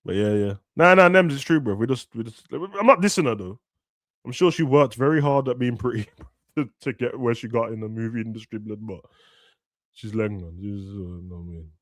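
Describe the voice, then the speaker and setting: A young man, ranting and joking as a streamer during a football watch-along, now and then shouting. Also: mid-range voice, normal speed, no echo, studio quality. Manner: ranting, slangy, bursts of shouting. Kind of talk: casual chat over a live match.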